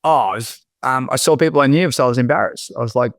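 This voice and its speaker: An Australian man, a podcast guest, telling his personal story in a reflective, halting way with many restarts. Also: medium pitch, dry recording, clean studio sound.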